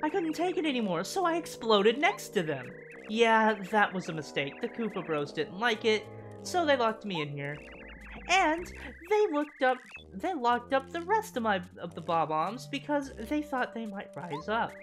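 A woman reading the lines of a spunky, defiant young female bomb creature from a game, lively and at times shouting in outrage. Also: fairly high pitch, normal speed, pitched above the performer's own voice. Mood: chatty. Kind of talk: reading game dialogue aloud. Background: game music.

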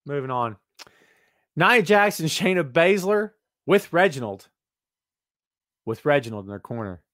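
A man's voice: a little high, big pitch swings, a little slow, a bit bright, no room sound, clean studio sound. Sarcastic, chatty man hosting a live wrestling stream. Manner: chatty, sarcastic, reads chat aloud; hums and mumbles while fiddling with settings. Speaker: wrestling podcast host. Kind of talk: live-streamed casual commentary.

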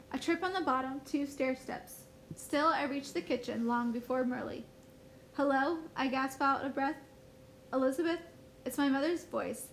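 A woman teacher reading a first-person novel aloud in a steady storybook manner. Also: sits high, a little hiss or hum, low-quality recording.

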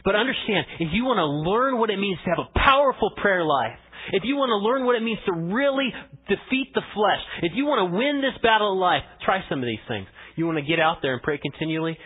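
A man preaching a sermon as pastor, conversational, swinging between emphatic lines and hushed asides. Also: high-pitched, very animated, fairly quick, slightly rough. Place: church sanctuary. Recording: tinny phone-like church audio.

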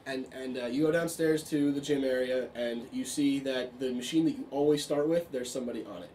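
Halting game master with a Brooklyn accent. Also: male voice, medium pitch, darkish tone, distant mic, slight background noise. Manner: casual, halting, laughs often. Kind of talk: narrating a tabletop game.

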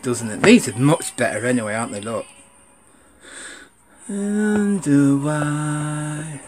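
Rambling man with a lively voice. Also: mid-range voice, a little hiss or hum. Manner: rambling, grumbling and swearing at the camera. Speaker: sneaker vlogger. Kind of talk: casual unboxing chat.

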